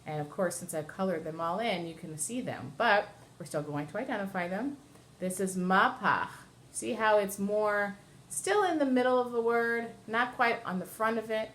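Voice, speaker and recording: A woman's voice: mid-range voice, fairly bright tone. A woman cantor explaining Torah chanting step by step to a class, now and then singing short phrases. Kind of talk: classroom lesson with sung examples.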